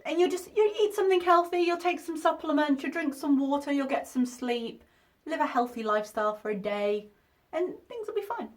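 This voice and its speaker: A woman's voice: sits high, lively intonation, fairly quick. A woman hosting a reaction video, commenting in a sarcastic, exasperated way and swearing freely.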